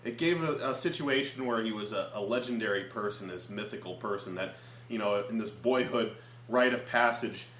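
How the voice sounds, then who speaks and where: A man's voice: fairly low pitch, moderate pace, a bit bright. A man co-reviewing a film in casual chat at home, earnestly explaining his points at length. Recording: echoey room with faint hum.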